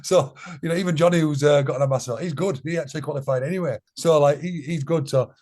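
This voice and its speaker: A man's voice: on the high side, fast talker, darkish tone. A man speaking as a podcast guest in a blunt, earnest, casual way, often repeating phrases for emphasis. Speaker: podcast guest, charity co-founder. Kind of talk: casual conversation.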